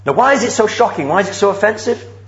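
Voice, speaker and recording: A man delivers a sermon in an earnest storytelling manner, posing rhetorical questions to his listeners. His voice sits fairly high for a man. The recording sounds roomy and a little dull. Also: animated, quick pace, a bit bright, slight background noise. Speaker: preacher.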